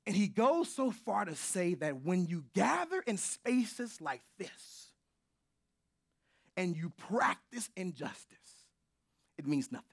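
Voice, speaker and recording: A high-voiced pastor preaches a sermon, veering between shouts and near whispers. He drops informal, joking asides to his congregation along the way.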